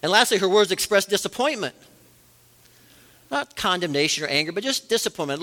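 A man's voice: a little high, lively intonation, a little fast, pushed and bright. A man preaching a sermon as a pastor, earnest, rising and falling for emphasis. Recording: long reverb of a large hall.

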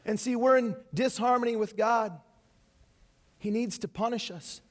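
A man's voice: very high voice, unhurried. A man preaching an Easter sermon as pastor, earnest, with rhetorical questions and light asides.

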